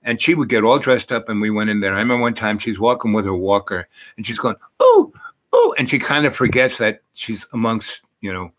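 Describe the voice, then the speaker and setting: A man's voice: fairly low pitch, brisk, hardly any pauses, a bit bright. An older man telling meandering personal stories in a casual, profane way, full of fillers and restarts. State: achy and groaning from sitting too long. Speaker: storyteller. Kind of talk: rambling personal storytelling.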